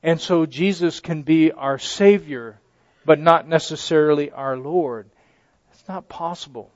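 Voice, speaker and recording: A man preaching a sermon, emphatic, swinging from loud declarations to hushed asides. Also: a little high, a little slow, no echo. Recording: dry, dull lo-fi sound.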